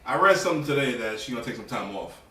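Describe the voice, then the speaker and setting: Blunt slangy man, bright tone. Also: medium pitch, animated, racing. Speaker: podcast co-host. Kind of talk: casual chat. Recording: echoey room, distant mic, faint noise.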